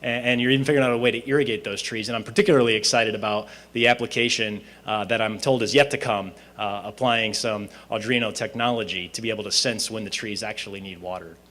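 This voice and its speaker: A man's voice: lowish voice, fairly even intonation, fast talker, hardly any pauses, a bit bright. A man giving an informal closing speech at a student presentation, conversational with frequent fillers and restarts. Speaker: speaker at a student team presentation. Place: event hall at a university presentation.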